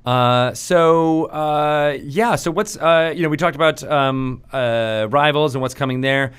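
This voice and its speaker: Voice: medium pitch, unhurried, clear, resonant tone. A hesitant host full of fillers. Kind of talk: casual chat.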